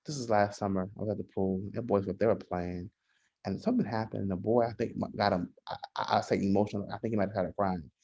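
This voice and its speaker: A man, a social worker, talking in a casual podcast conversation, measured and often restarting his sentences. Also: lowish voice, darkish tone. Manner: measured, frequent restarts and hesitations. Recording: dull lo-fi sound.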